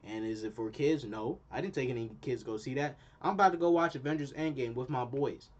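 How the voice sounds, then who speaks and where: A man's voice: medium pitch, a little fast. Young man ranting in slang. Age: young adult. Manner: animated, repetitive, slangy. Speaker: channel host. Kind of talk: casual opinion rant.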